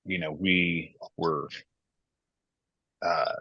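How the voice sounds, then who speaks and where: A man's voice: low-pitched, steady tone, extremely slow, husky, dry recording. A man in his thirties, a worship pastor, talking candidly and reflectively in a casual podcast conversation. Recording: dull lo-fi dry sound.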